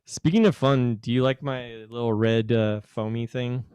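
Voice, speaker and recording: Male podcast host, smooth and dry-sounding, rambling and jokey. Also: medium pitch, steady tone, normal speed, a little mellow, no room sound. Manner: teasing, rambling, puts on a joke British accent. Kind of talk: casual podcast chat.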